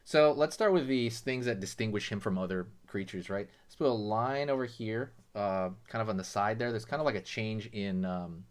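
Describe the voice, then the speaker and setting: A man with a fairly low voice walks viewers through a drawing step by step. He talks in a loose, chatty way, full of little fillers and quick asides. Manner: relaxed, chatty, many fillers like "you know" and "right". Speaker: drawing tutorial host. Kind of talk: casual drawing lesson narration.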